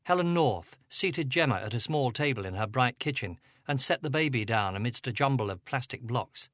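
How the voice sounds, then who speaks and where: A man narrating an audiobook, expressive and giving each character a voice. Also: medium pitch, moderate pace, no echo, studio quality.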